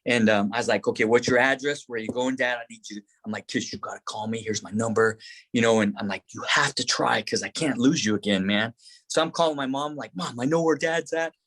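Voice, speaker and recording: A man's voice: medium pitch, a little fast. Male podcast guest, mid-range voice, loose and heartfelt storyteller who stumbles and restarts often. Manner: rambling, many restarts, acts out his own past words; grows excited and tearful in the telling. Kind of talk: emotional personal storytelling.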